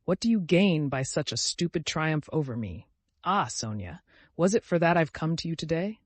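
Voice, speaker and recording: A man's voice: a little high, lively intonation, moderate pace, no room sound, voice pushed up. A man performing a tormented young murderer pouring out a confession, his voice lifting and falling sharply as he pleads and despairs. The sound is close and dry, with no room around it. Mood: anguished. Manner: anguished, pleading.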